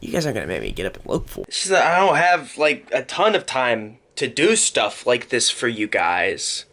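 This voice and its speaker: A man's voice: mid-range voice, very animated, normal speed, bright, forceful tone. A young man thinking aloud at home, giving off-the-cuff commentary that rambles with self-deprecating asides, recorded on a separate microphone. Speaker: commentary host. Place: at home in his room. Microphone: separate microphone synced to camera.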